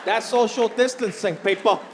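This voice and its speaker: A man performing a stand-up comedy routine on a club stage, talking in an animated way and acting out the voices he quotes. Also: sits high, normal speed, vocal fry. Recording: live club recording with crowd noise. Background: audience laughter.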